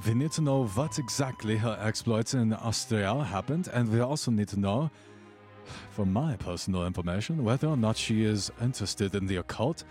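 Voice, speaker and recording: A man running a tabletop game as game master, narrating scenes in a measured, descriptive way with slow dramatic pauses. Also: on the low side, animated, darkish tone, faint music behind.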